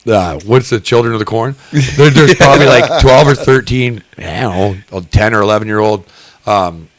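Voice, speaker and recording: A man's voice: mid-range voice, normal speed, no echo. A man telling a long, rambling story on a casual podcast, swearing freely and acting out what people said. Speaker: podcast co-host.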